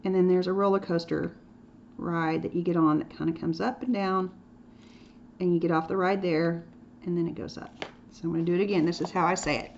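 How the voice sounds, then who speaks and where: A woman's voice: lowish voice, little pitch movement, brisk, a little mellow. Chatty woman teaching drawing, lo-fi. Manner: playful, chatty, with whispered asides. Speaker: art teacher. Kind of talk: drawing lesson demonstration. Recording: dull lo-fi sound with faint noise.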